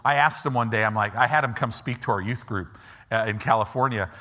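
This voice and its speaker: A man preaching in a church, telling a lively story and acting out the voices of its people, with casual asides to his listeners. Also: medium pitch, fairly quick. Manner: animated storyteller, acts out quoted voices; informal, asides to the audience. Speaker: pastor. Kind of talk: storytelling sermon.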